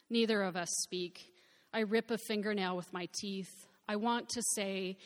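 A woman narrates a first-person novel in a reflective, measured voice. Her pitch sits in an ordinary middle range for a woman. The recording carries a long reverb. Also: steady tone.

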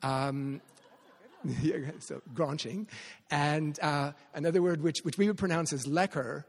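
A man's voice: on the high side, measured pace, gravelly, long reverb tail. A man from Canada, a novelist speaking at a literary reading, talking with many restarts and fillers. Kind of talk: live author talk at a literary event. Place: venue at a literary festival.

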